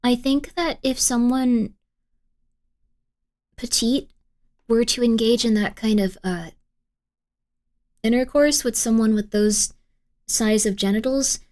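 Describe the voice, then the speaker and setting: Girl streamer rambling at her chat, giggly and sorry about everything, a bit high voice. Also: slow pace, pauses often, darkish tone. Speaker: streamer reacting to videos. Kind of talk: casual live-stream commentary.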